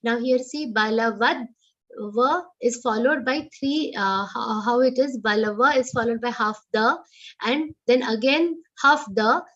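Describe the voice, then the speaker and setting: A woman with an Indian English accent teaching verse recitation, chanting each line slowly and then explaining the pronunciation quickly in a lower voice. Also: fairly bright tone, highs cut off. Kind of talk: slow chanted recitation with spoken pronunciation notes. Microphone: online class audio.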